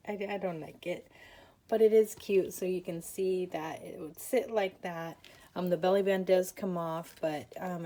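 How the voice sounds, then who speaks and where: Hosting a casual papercraft tutorial, a woman chats in a self-deprecating way, full of fillers, sounding tired and yawning. Her voice is on the low side with a dark tone.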